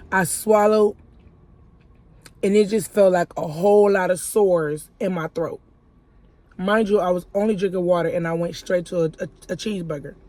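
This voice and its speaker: A woman's voice: fairly low pitch, dark tone. Chatty woman telling a life update. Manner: chatty storytelling, addresses viewers as y'all. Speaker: YouTuber. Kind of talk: casual life-update chat.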